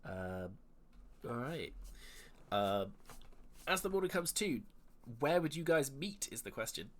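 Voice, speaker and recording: A man's voice: medium pitch, a little slow. Man narrating as dungeon master. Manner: relaxed, hesitant with fillers and restarts. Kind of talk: narrating a tabletop game.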